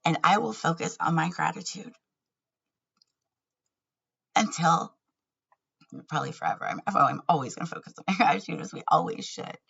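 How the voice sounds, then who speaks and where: A woman's voice: sits low, lively intonation, normal speed, gravelly, pauses often, fairly bright tone, husky, lo-fi sound. A woman talking candidly in a personal vlog, earnest and laughing often between words. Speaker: vlogger.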